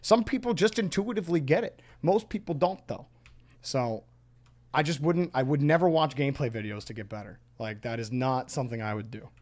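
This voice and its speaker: A man's voice: mid-range voice, expressive, a little fast, a little mellow. A man casting a live video game match, chatting and giving play-by-play. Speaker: esports caster. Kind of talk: live game commentary and chat.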